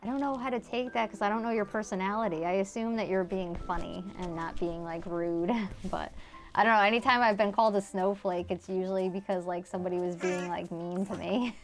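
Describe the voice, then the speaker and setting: A woman's voice: mid-range voice, fairly even intonation, fairly quick, soft background music. A woman in her thirties streaming a video game, chatting loosely with her viewers, rambling and swearing casually as she answers chat. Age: 30s. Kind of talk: casual live-stream chat while gaming.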